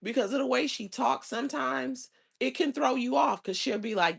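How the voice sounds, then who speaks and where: A woman hosts a casual livestream, rambling with viewers in loose slang and sometimes erupting into loud, exasperated outbursts. Her voice is medium-pitched and creaky, and she talks fairly quickly with hardly any pauses.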